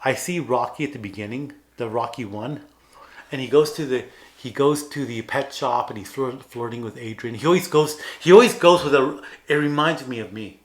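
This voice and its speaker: A man's voice: mid-range voice, normal speed. A man co-hosting a podcast in casual chat, earnestly retelling film scenes and acting out the characters' lines. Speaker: podcast co-host.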